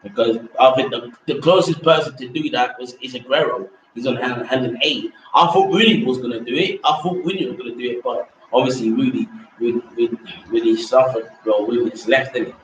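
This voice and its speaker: A man's voice: medium pitch, a little fast, lo-fi sound, a little hiss or hum. A man hosting a casual football rant, rambling, repeating himself and dismissing players in slang. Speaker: host. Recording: echoey room from far off mic.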